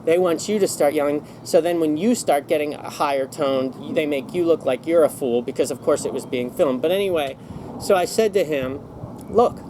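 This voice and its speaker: A man's voice: fairly high pitch, noisy background. Rambling man telling a story. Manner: rambling, many restarts and self-corrections. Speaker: vlogger. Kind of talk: casual storytelling monologue.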